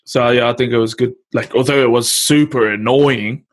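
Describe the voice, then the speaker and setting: A man's voice: mid-range voice, fairly even intonation, a little hiss or hum. A man with a New Zealand accent hosting a casual chat, laid-back and full of slang. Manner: laid-back slang-heavy banter, quick to laugh. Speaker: podcast host.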